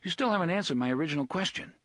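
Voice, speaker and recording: Man doing a frantic, wisecracking young guy, high voice. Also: lively intonation, a bit bright, no room sound, clean studio sound. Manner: quick, sarcastic, high-pitched.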